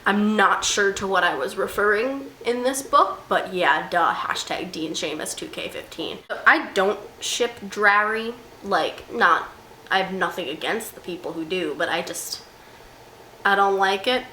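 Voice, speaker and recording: A young woman talking through a book in a casual vlog. She is animated and self-mocking, swinging into mock outrage. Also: medium pitch, a little slow. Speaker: book vlogger. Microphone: camera mic. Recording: roomy room with faint hiss.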